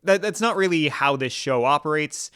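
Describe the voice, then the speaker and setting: A man hosting a political podcast, talking in an earnest, halting way with many restarts and fillers. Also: fairly high pitch, expressive, fairly bright tone, clear, resonant tone, no room sound, clean studio sound. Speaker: podcast host.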